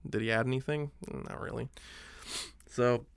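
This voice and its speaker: A man co-hosting a podcast in casual chat, animated, leaning on "like" and acting out his own thoughts as quoted lines. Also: medium pitch, moderate pace, creaky, clear, resonant tone. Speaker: podcast co-host.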